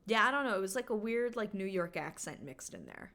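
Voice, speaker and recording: A woman's voice: medium pitch, very animated, a little fast, sharp tone. A woman from Canada chatting casually to her stream viewers, rambling with lots of filler words.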